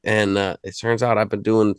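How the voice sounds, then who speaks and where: A rapper chats as an interview guest in a low, relaxed man's voice. He rambles and restarts his sentences, then slips into jokes. The sound is dry and close, with no room echo. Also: normal speed, clean tone. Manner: rambling, many restarts and fillers; laid-back, jokey. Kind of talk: casual conversation.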